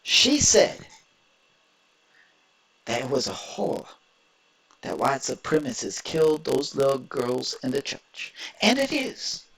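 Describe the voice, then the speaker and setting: A man's voice: medium pitch, sing-song, slow pace, vocal fry, long pauses, fairly bright tone, breathy edge. A man from Indiana hosting his own political reaction video, talking in an emphatic, rambling and opinionated way. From Indiana, USA. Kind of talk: reaction commentary.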